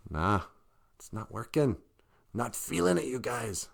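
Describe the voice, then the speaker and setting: A man's voice: medium pitch, sing-song, a little slow, vocal fry, long pauses. A male show host in rambling personal talk, emotional and trailing off with frequent laughs.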